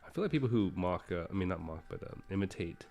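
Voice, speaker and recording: Low-voiced man, gravelly, casual rambling art livestream chat, faint music behind. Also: lively intonation, fast talker, darkish tone. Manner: rambling, self-deprecating, many fillers. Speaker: artist livestreaming a sketch.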